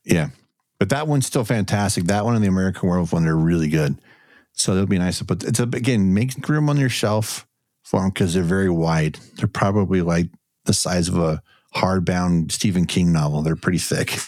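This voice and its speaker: A man's voice: sits low, a little mellow, no echo. A man co-hosting a podcast in casual chat, talkative and laughing often, breaking off his own sentences. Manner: chatty, quick laughs, trails off mid-sentence. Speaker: podcast co-host.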